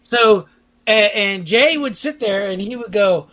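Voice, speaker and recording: A young man with a fairly high voice, co-hosting a casual podcast. He trades stories in easygoing banter and often laughs mid-sentence. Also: measured pace. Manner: laughs while telling, relaxed banter. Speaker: podcast co-host. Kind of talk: casual storytelling chat.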